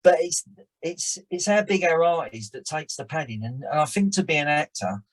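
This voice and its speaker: A man, an actor and director telling stories in a rambling, animated way as a podcast guest. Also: fairly high pitch, normal speed, rough recording. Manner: animated storyteller, rambling restarts. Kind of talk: casual chat.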